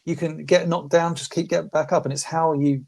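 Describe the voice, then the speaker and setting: A man's voice: fairly high pitch, level tone, brisk, gravelly, darkish tone. A man chatting casually on a podcast, rambling with restarts and swearing. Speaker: podcast regular. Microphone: phone.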